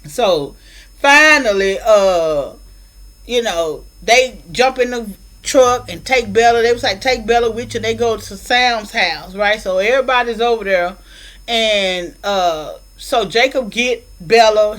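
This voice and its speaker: A woman's voice: medium pitch, measured pace, a bit bright, poor audio. A woman casually retelling a movie plot, rambling with many fillers and acted-out quotes, with features. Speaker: film reviewer.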